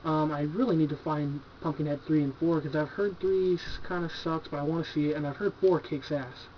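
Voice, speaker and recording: Casual, profane man, higher-pitched voice. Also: fairly even intonation, fairly quick, a little hiss or hum. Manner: laid-back, profane, enthusiastic, filler-heavy. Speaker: horror movie collector reviewing his purchases. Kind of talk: casual video review. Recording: dull lo-fi home video recording.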